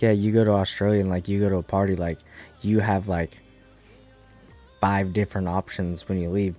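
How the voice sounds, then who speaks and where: A young American man streaming, chatting casually in a profane, rambling, animated way. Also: deep voice, highs cut off. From United States. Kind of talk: casual chat while gaming.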